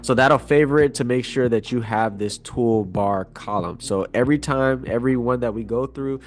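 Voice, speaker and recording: A man hosting a casual screen-share tutorial, talking in a relaxed, rambling way with many fillers. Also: medium pitch, normal speed. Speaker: trading tutorial host. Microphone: wireless clip-on mic.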